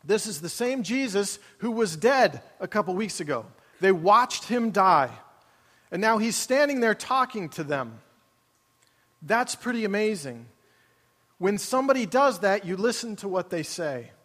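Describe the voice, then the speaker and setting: A man preaching a sermon in a high voice, talking casually with his congregation and asking them questions. His voice rings out in a large auditorium with a long reverb tail. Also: very animated, measured pace, fairly bright tone. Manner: conversational, asks the congregation questions. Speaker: pastor.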